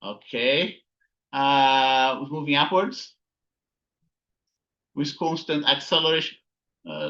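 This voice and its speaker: Male physics instructor, deliberate pace, bright tone, muffled lo-fi recording. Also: a little high. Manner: thinking aloud, frequent "okay?" and "right?" checks. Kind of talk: recorded lecture with slides.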